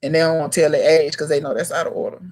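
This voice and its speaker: A woman's voice: low-pitched, little pitch movement, racing, a little mellow. A woman in her thirties hosting a casual livestream chat, talking bluntly to her viewers in slangy, emphatic speech. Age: 30s. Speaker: gardening channel host.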